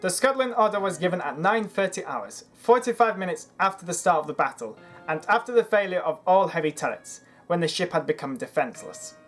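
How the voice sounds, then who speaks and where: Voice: mid-range voice, animated, a little fast, soft background music, natural voice. A narrator voicing a German male ship survivor, giving a matter-of-fact account in a German accent. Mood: solemn.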